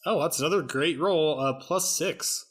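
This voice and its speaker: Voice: medium pitch, moderate pace, husky. A tabletop game player answering the game master in an amused way. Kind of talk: casual tabletop play.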